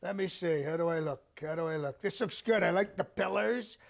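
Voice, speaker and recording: Man impersonating a vain older politician, high gravelly voice, repetitive bragging, comedic stream impression. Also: fairly quick. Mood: boastful. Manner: self-congratulating, repeats phrases, fusses over staging.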